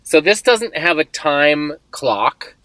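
Bright, dry-voiced man in casual chat. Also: fairly high pitch, big pitch swings, takes it slowly, no echo. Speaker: podcast co-host.

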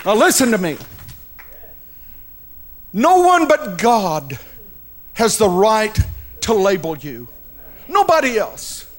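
High-voiced dramatic male preacher. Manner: dramatic storytelling, emphatic, direct address to congregation. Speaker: pastor. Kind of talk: sermon.

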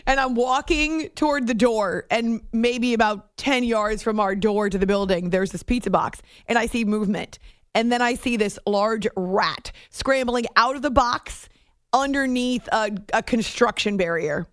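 A middle-aged woman hosting a late-night sports radio show, chatty and animated, in a studio. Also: fairly high pitch, unhurried, no room sound. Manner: chatty, animated storytelling with laughs and restarts. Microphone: studio microphone.

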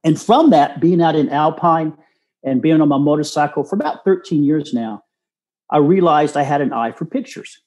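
A man's voice: on the high side, normal speed, a little mellow. A man in his sixties from Texas, telling a personal story as a guest in an earnest, folksy way. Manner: earnest, folksy, acts out quoted voices. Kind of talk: casual storytelling.

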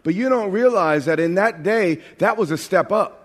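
Preacher, a man from New York with a high voice. Loose, joking sermon delivery, recorded in a big reverberant church hall. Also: expressive. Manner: conversational, joking preaching with quick restarts. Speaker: pastor.

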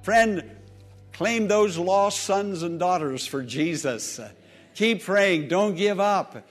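High-voiced emphatic preacher man. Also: slow pace, faint music behind. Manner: emphatic, repeats phrases for emphasis. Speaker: pastor. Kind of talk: sermon. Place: church service with congregation.

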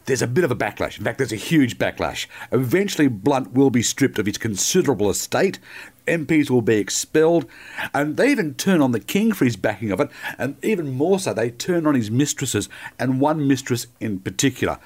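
Middle-aged man, Australian accent, animated pitch, joking storyteller, casual podcast chat. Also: a little fast, breathy edge. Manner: animated storyteller, jokey, says mate often. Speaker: podcast co-host.

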